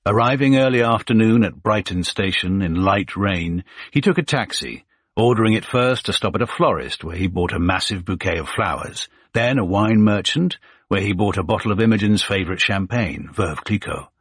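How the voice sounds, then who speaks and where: Low husky male audiobook narrator. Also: expressive, no room sound, studio quality. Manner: measured, suspenseful pacing.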